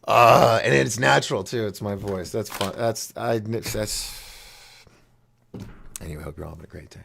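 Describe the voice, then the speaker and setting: A man's voice: fairly low pitch, normal speed, vocal fry, fairly bright tone, breathy edge. A man hosting a call-in show in a casual, rambling monologue, giggling often at his own jokes. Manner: rambling, restarts and trails off.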